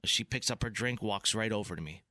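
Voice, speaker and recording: A man's voice: on the low side, fairly quick, no room sound, studio quality. A man in casual chat, animatedly telling a story and acting out the people in it. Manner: animated, acts out other people's voices in his stories.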